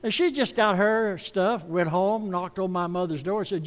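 A man's voice: high-pitched, normal speed. A middle-aged man, preaching a sermon and telling folksy stories to his congregation. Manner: folksy storytelling, warm appeals to the congregation. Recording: long reverb of a large hall.

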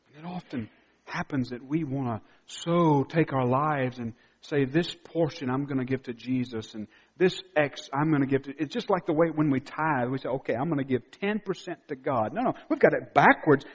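A male pastor preaching a sermon, swinging from quiet, intimate asides to loud, emphatic declarations. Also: mid-range voice, moderate pace, husky, big-room sound, muffled recording. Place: church sanctuary.

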